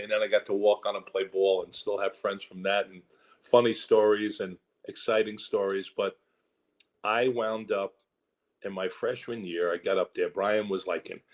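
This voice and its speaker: A man's voice: deep voice, poor audio. An older man with a New York accent, a guest actor telling rambling stories in a casual interview and acting out the voices he quotes.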